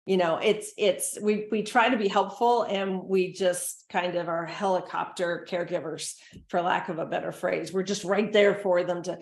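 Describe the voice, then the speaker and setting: A middle-aged woman, a dementia care consultant and presenter, gives a recorded presentation to caregivers in a conversational, earnest manner, acting out gentle quoted lines. Her voice is medium-pitched and her pace measured. The sound is roomy.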